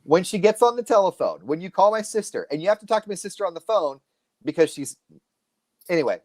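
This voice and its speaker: Man in his forties, live-stream co-host, lively swooping delivery. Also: fast, no echo. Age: 40s. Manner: animated storytelling, lively pitch. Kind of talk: casual live-stream chat.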